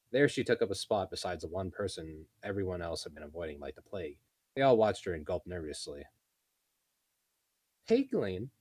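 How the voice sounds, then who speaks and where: A man reading a light novel aloud as narrator, steady, with small slips and self-corrections. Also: deep voice, slightly rough, no echo.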